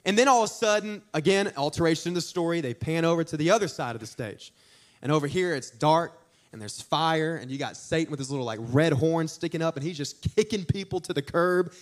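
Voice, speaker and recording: A young man preaching a sermon, telling stories in an animated, joking way with asides to the congregation. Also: fairly high pitch, brisk. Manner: animated, jokey storytelling with audience asides. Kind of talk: storytelling sermon.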